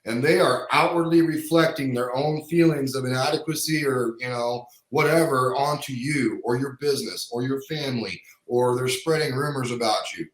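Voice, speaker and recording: A man's voice: mid-range voice, normal speed, few pauses. A man from Kansas tells stories as a podcast guest, speaking frankly and casually. His voice sits in a middle register. The room around him is roomy and echoes. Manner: conversational, anecdotal, frank. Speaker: chiropractor guest. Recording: roomy echo.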